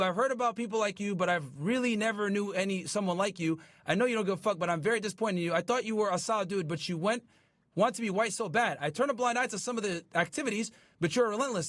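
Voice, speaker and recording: A male show host with a very high voice that swings widely as he retells a story to his live chat. He is animated, swears freely and sounds incredulous. The sound is dry and close, with no room around it. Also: no room sound. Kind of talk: casual commentary to a live chat.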